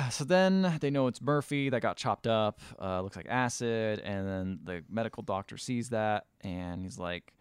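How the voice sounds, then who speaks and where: Smooth-voiced man rambling through a recap. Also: lowish voice, expressive, a little slow, hardly any pauses, dry recording. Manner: rambling, casual swearing, acts out quotes loosely. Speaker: podcast host. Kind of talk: casual film recap chat.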